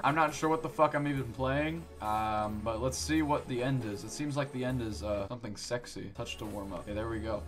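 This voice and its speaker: A man's voice: mid-range voice, a little fast, few pauses. A man giving profane, exasperated gameplay commentary, breaking into sudden yelps and curses. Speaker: gaming streamer. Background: game music and keyboard clicks.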